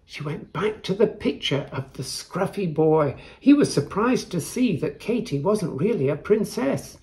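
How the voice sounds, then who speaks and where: A man reading a picture book aloud to children, gentle and showing the pages. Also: high voice, animated. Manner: gentle, unhurried, shows the pages. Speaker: storyteller.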